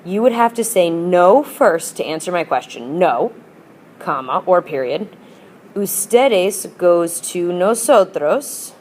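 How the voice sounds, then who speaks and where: A woman's voice: lowish voice, lively intonation, takes it slowly, darkish tone, slight background noise. A woman teaching a language class, drilling with patient repetition and switching between English and Spanish. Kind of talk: classroom lesson.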